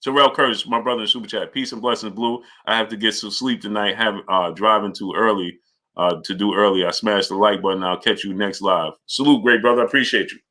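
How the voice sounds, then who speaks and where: A man hosting a live boxing stream, greeting viewers by name and arguing his points forcefully. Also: on the low side, steady tone, brisk. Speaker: boxing channel host. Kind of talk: live-stream chat and commentary.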